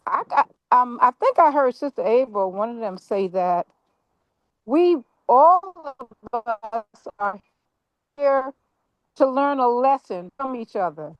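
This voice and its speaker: A woman's voice: a little high, very animated, takes it slowly, no echo, muffled recording. A woman in a casual group discussion, speaking politely and a little hesitantly as she works through her thought.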